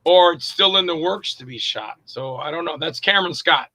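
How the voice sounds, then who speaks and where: A middle-aged man, an actor and director, telling anecdotes in a casual interview, animated and acting out quoted voices. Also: a little high, normal speed, no echo, low-quality recording.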